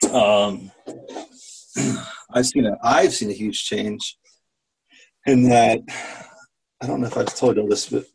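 A man with a low, gravelly voice talks openly about his family to a group. A husky edge runs through his candid, halting account. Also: a little mellow, low-quality recording. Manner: candid, with many restarts and laughs. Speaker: program participant and father. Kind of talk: personal sharing in a group talk.

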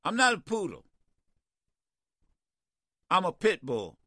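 Blunt, fiery older radio host. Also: male voice, high voice, huge pitch swings, takes it slowly, sharp tone, no room sound, clean studio sound. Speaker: radio talk show host. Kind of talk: call-in radio talk. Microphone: studio microphone.

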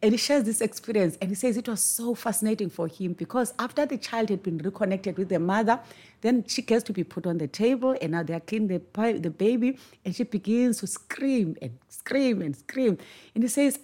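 A woman with a medium-pitched, dark-toned voice speaks a little fast. As a podcast host, she delivers an earnest, emphatic reflective monologue on parenting, repeating words for stress.

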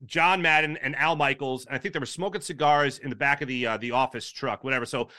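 Bright high-ish guy from philly telling a story, acts out the quotes, dry close mic. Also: fast talker, no echo. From Philadelphia. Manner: animated storyteller, acts out quotes with big pitch jumps. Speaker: podcast guest, sports broadcaster. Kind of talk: casual storytelling chat.

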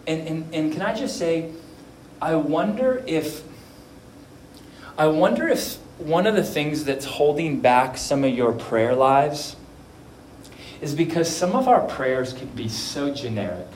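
Brief: earnest male pastor, slow deliberate sermon, roomy echo with faint background noise. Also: a little high, lively intonation. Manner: earnest, swings from soft to emphatic. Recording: echoey room.

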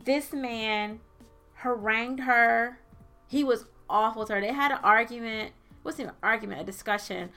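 A woman with a fairly high voice co-hosts a casual conversation. She recaps events with animated energy and slips into quoted voices as she tells the story. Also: moderate pace, faint music behind. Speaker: podcast co-host. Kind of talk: casual chat, recapping a reality show.

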